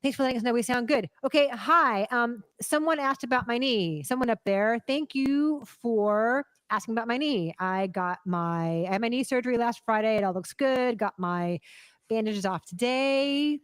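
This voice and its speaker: A woman's voice: on the high side, moderate pace, dry recording, clean studio sound. A woman co-hosting a live movie news stream, chatting casually and greeting viewers by name, with frequent ums.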